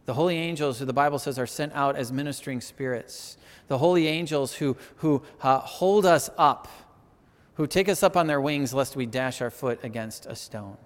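A man preaching a sermon, animated and conversational, often asking "right?" and building to emphatic peaks. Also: mid-range voice, normal speed, big-room sound. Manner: conversational, asks the audience "right?".

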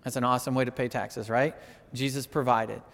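A man preaching a sermon, animated and conversational, often asking "right?" and building to emphatic peaks. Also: mid-range voice, fairly quick, vocal fry, big-room sound. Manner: conversational, asks the audience "right?".

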